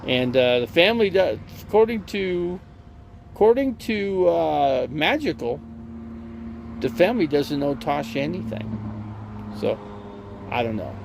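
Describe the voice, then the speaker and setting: A man's voice: fairly high pitch, big pitch swings, unhurried, vocal fry, long pauses, darkish tone, a little hiss or hum. A man streaming from an RV, chatting casually and rambling through stories with lots of fillers and restarts. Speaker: live streamer.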